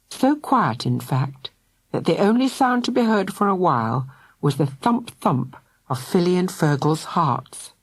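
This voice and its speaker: Brief: woman, children's audiobook narrator, animated delivery, dry close sound. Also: low voice, breathy edge, dry recording. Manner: lively, voices each character.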